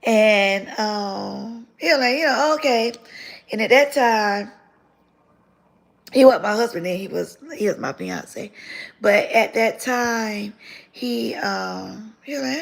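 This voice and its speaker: A woman, telling her own story to her viewers in an animated, repeating way that turns tearful. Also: mid-range voice, unhurried, gravelly. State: tearful near the end. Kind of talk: emotional testimony to viewers.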